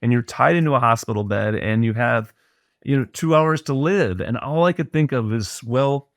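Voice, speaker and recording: A man's voice: medium pitch, moderate pace, no echo. Earnest man retelling a story, dry sound. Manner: earnest, reflective retelling with frequent restarts. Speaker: podcast guest. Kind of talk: personal storytelling in conversation.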